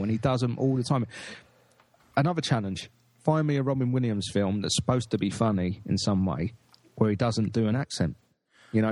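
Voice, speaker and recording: A man's voice: lowish voice, darkish tone, dry recording. A man hosting a podcast in casual chat, rambling and blunt, with frequent swearing. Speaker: podcast host.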